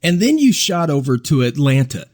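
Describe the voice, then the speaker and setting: A man's voice: on the high side, big pitch swings, normal speed, a little mellow. A man co-hosting a radio interview, teasing the guest with laughing banter. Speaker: radio co-host. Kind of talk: casual interview chat.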